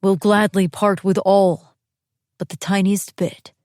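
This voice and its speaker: A woman's voice: mid-range voice, fairly even intonation, takes it slowly, a little mellow, no room sound, studio quality, lightly acted. A woman voicing a solemn, guarded male wagon train captain in an audiobook, speaking in a grave, blunt, restrained way. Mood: solemn, wary. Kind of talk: audiobook character reading.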